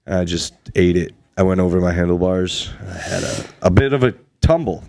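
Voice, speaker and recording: A man's voice: low voice, lively intonation, moderate pace, vocal fry, darkish tone, no room sound. A man with a New York accent, a guest comedian chatting on a podcast in a laid-back way. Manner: laid-back, says dude a lot. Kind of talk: casual chat.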